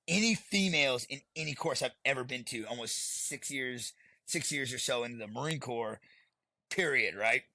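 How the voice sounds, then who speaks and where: A man's voice: medium pitch, moderate pace, creaky, sharp tone, dry recording. A retired Marine sergeant, a man, is a podcast guest telling war stories in a blunt, profane way and often laughing while he talks. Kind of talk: candid storytelling interview.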